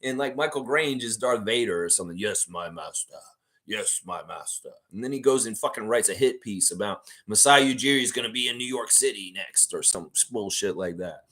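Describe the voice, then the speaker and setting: A man's voice: mid-range voice, fairly quick, hardly any pauses, sharp tone. A man hosting a livestream, chatting casually and reading out viewer comments in a rambling way, laughing often. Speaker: livestream host.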